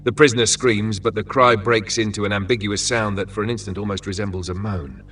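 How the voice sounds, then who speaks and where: A man reading a dark fantasy story aloud as narrator, with only slight shifts for the figures. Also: fairly low pitch, steady tone, fairly quick. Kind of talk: scripted dramatic story narration. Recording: voice from a distance with faint music.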